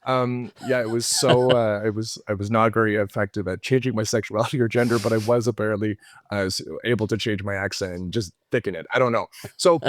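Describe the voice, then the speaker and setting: Canadian man, low voice, earnest talk. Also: fairly even intonation, fairly quick, no echo. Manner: earnest, explanatory, tags points with "right?". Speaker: podcast guest, author. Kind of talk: casual interview talk.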